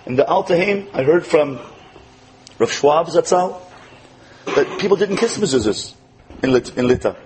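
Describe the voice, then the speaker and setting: Animated male religious teacher storytelling. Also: fairly high pitch, normal speed, long pauses, noisy background. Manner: animated, acts out quotes, drops to soft tender tones. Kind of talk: storytelling sermon.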